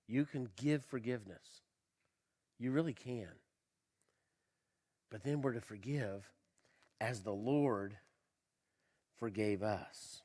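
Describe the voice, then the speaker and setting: A male pastor preaching a sermon, asking the congregation questions and swinging between loud emphasis and quiet low lines, with a slight cough. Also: slow pace, long pauses. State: slight cough, tickle in throat. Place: church.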